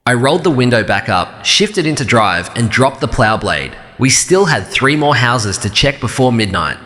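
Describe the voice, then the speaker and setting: A man narrating a first-person story in a calm, even, measured way. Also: medium pitch, in a large hall.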